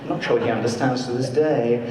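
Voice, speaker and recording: A man's voice: medium pitch, a little fast, a little mellow. A man answering audience questions at a live panel, theatrical and teasing, in a large convention hall. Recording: echoey hall, distant mic, faint noise.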